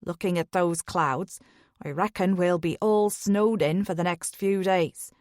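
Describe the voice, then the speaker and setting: A woman voicing a gruff male taxi driver with an Irish accent in an audiobook thriller. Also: on the low side, steady tone, measured pace, a little mellow, dry recording, studio quality, close to an everyday voice. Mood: blunt, matter-of-fact.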